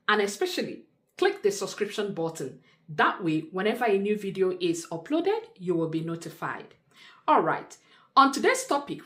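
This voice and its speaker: A woman teaching a French lesson online as a tutor, explaining slowly and deliberately and spelling out word pairs. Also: medium pitch, echoey room.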